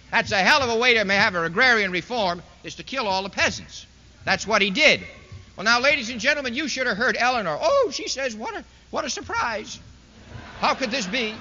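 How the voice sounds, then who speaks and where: A man's voice: high voice, sharp tone. A man giving a rhetorical, sarcastic public speech to a university audience. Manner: sarcastic, rhetorical, addresses the crowd directly. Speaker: political speaker. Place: large lecture hall. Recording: dull, echoey 1960s hall recording.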